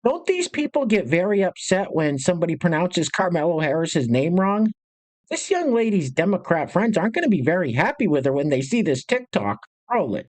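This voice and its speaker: A man's voice: sits high, big pitch swings, a little fast, a little mellow. A man hosting a commentary video, introducing clips with sarcastic, sneering asides. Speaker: commentary channel host.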